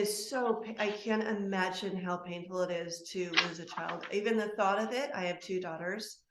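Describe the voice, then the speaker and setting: A woman guest speaking as a soul constellation practitioner in an interview, heartfelt and emotional, talking in spirited bursts. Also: medium pitch. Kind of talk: earnest interview talk. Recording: echoey room.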